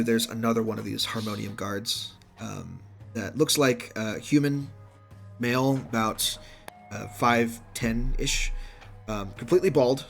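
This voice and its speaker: Gravelly low-voiced man running a game. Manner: relaxed, filler-heavy narration with frequent laughs. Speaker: game master. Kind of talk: narrating a tabletop game.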